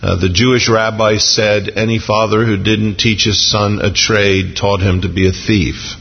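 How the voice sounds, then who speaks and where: A gravelly, slightly husky man preaches a sermon, animated and lively as he acts out quotes. The sound is dull and lo-fi, with a long reverb trailing off in a large hall. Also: measured pace. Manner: animated, jumps into high excited voices when acting out quotes. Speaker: pastor.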